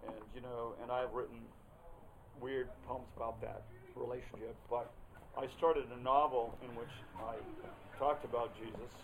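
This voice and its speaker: A man's voice: medium pitch, level tone, moderate pace, narrow, tinny audio, background noise. An older man from Oregon, a poet performing rambling, profane, theatrical verse and talk over live guitar. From Oregon, United States. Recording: live guitar playing behind. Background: live guitar playing.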